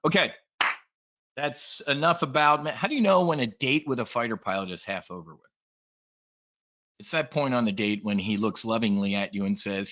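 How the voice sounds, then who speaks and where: A man giving an energetic, joking trading presentation and addressing the room directly. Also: mid-range voice, moderate pace. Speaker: trading educator. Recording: dull lo-fi sound.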